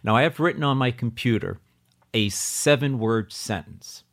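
Man, speaking coach, hosting an interview, deliberate, explains step by step, instructive. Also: mid-range voice, a bit bright.

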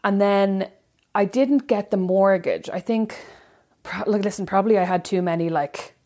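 A woman's voice: medium pitch, normal speed, mellow. A woman chatting casually, rambling with lots of fillers. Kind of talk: casual chat.

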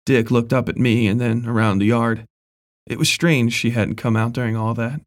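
A man reading a horror story aloud in a measured, even storytelling voice. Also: mid-range voice. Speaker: narrator. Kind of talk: scripted horror story narration.

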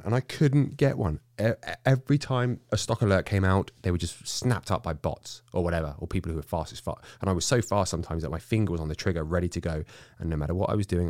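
A man telling a story in casual chat, animated, swearing freely and stammering when excited. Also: low-pitched, no room sound, studio quality.

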